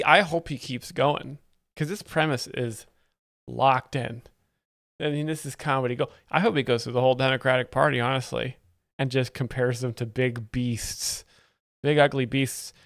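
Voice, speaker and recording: A man's voice: medium pitch, dry recording. Dry, rambling man live-streaming. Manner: ironic, rambling, fake-earnest. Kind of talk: mock-expert comedy commentary.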